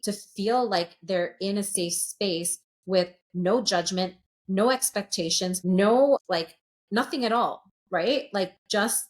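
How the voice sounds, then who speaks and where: A woman's voice: mid-range voice, slow. Candid, profane woman in her late 30s. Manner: earnest, swears freely, emotionally open. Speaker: sound healer, podcast guest. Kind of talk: candid podcast conversation.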